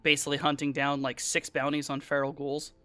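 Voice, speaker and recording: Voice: mid-range voice, completely flat delivery, a little fast, a bit bright, no room sound. A game master who explains the scene to players in a rambling, conversational way. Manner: rambling, filler-heavy, conversational.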